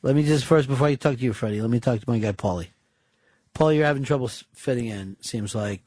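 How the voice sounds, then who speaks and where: A man's voice: medium pitch, quick pace, darkish tone, dry recording. A man hosting a radio show, teasing and needling his co-host in casual studio banter.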